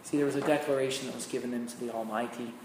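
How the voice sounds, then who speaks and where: A man's voice: mid-range voice, steady tone. Man preaching in an echoey hall. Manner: swings between loud emphatic peaks and hushed, slow phrases. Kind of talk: sermon. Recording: echoey hall with long reverb, faint noise.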